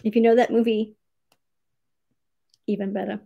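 A woman's voice: medium pitch, level tone, slow, gravelly, long pauses, phone-quality sound. A woman hosting a casual livestream writing sprint, cheerfully greeting viewers by name, reading their comments aloud and laughing often.

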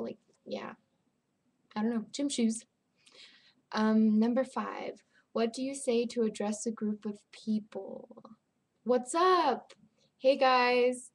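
A young woman from Las Vegas talks casually into her webcam at home. Her voice sits a little high, and she speaks slowly and hesitantly. She fills her pauses with ums and likes. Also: fairly even intonation, breathy edge. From Las Vegas, Nevada. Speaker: vlogger. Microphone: webcam mic.

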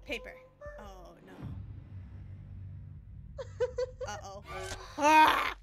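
A woman's voice: high voice, sing-song, a little slow. A woman streaming a horror game, talking to herself in a flustered, panicky way, dropping to whispers and jumping to shrieks. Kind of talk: live game commentary. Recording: music playing behind the voice.

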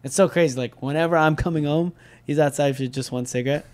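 A man's voice: a little high, fast talker, slight background noise. Young man telling a story, swearing freely. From Southern California. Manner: animated, swears freely, acts out quotes. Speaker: podcast guest. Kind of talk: casual storytelling chat.

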